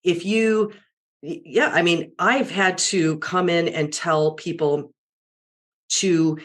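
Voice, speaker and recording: Barky low-voiced woman coach. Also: takes it slowly. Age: middle-aged. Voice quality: deep, barky voice. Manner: animated, self-correcting, acts out client quotes. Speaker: media and public speaking coach. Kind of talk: casual interview conversation.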